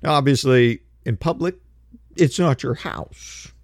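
A man's medium-pitched voice, a little slow, comes through a dry, clean studio recording. As a commentator he vents a heated, emphatic opinion, doing mocking impressions and repeatedly restarting with stumbled words when he gets agitated.

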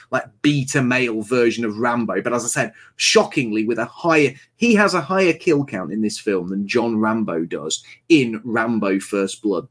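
Blunt man reviewing a film. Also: medium pitch. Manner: blunt, animated, mocking. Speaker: host. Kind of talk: casual film review chat.

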